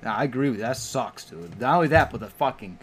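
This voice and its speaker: A man's voice: medium pitch, expressive, fast talker, breathy edge. A young man co-hosting a casual chat who keeps the show moving and tells laid-back, profane stories. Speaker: podcast co-host.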